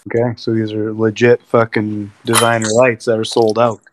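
A man's voice: fairly low pitch, monotone, moderate pace, background noise. Teasing man, swearing and laughing. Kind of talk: casual profane banter.

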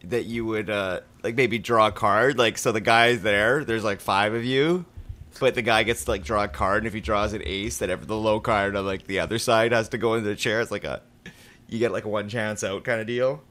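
Low-voiced man cracking jokes. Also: fairly even intonation, bright, forceful tone. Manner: joking, teasing, quick quips. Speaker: podcast co-host. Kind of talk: casual chat.

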